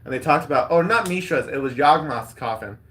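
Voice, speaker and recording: A man's voice: on the high side, animated, fairly quick, bright, forceful tone. A man hosting a casual chat while opening card packs, rambling and reading card text aloud.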